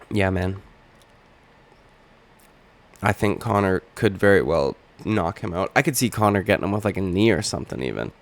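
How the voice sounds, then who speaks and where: Young male vlog host, low-pitched and hoarse; loose, profane, wisecracking delivery. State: hoarse from just waking up. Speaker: channel host. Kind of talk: casual reaction vlog.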